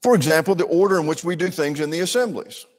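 A man's voice: fairly high pitch, lively intonation, fast talker, darkish tone. An older man teaching a church Bible class in an earnest, folksy way, with asides to his listeners.

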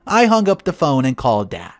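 A man reading a first-person story aloud with lively, dramatic storytelling. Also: mid-range voice, a little fast, no room sound, clean studio sound, soft background music. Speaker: story narrator.

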